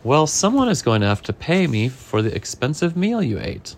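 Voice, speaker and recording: A man's voice: medium pitch, sing-song, normal speed. A man reading a grumbling cafe chef.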